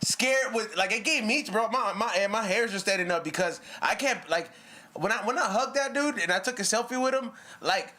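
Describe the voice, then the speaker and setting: Young adult man, podcast co-host, high bright voice, animated and rambling. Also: brisk. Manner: animated storyteller, lots of fillers and restarts. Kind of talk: casual chat.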